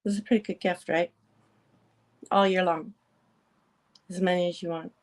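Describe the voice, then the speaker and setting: A woman's voice: on the low side, fairly even intonation, normal speed, a little mellow. A woman hosting a casual talk show, playful and teasing, laughing often between her lines. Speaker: podcast host. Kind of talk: casual chat.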